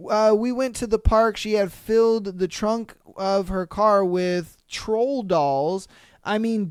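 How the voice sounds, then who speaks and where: A man's voice: sits high, clean tone, no echo, clean studio sound. Blunt, profane man hosting a podcast. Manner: blunt, profane, exasperated commentary. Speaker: podcast host. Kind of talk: reading and reacting to listener stories.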